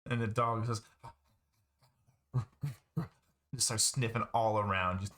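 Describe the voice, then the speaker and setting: A man's voice: lowish voice, steady tone, slow pace, pauses often, a bit bright. A man running a tabletop game as game master, laughing often and thinking aloud as he checks his notes.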